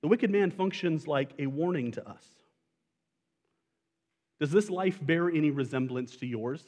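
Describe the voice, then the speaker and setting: A man's voice: on the high side, expressive, measured pace, a little mellow. Man preaching a sermon in an echoing hall. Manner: conversational preaching, asks the congregation questions. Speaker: pastor.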